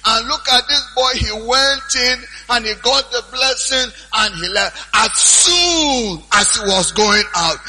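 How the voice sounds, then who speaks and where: A male preacher retells a scripture story in an animated sermon, repeating lines for emphasis. His voice is high, very bright and a little husky. Long reverb from a big church hall follows him. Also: takes it slowly, hardly any pauses, soft background music.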